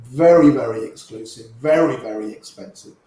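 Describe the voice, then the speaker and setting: An older man, a poker player, telling old stories in an animated way and quoting people in quick little voices. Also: mid-range voice. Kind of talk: anecdotal storytelling. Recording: very echoey room.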